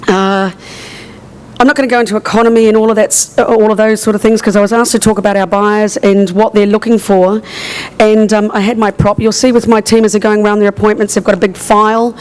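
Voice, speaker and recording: A woman, hoarse with a partly lost voice, giving a chatty conference presentation as a tourism manager, with many fillers. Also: medium pitch, flat delivery, quick pace, a little mellow, low-quality recording.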